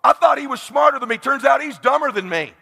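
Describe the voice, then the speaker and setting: A man in his forties giving an intense motivational speech, swinging from hushed talk to shouting. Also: very high voice, expressive, fast, vocal fry, in a large hall. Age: 40s. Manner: preachy, addresses crowd as brother. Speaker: motivational speaker.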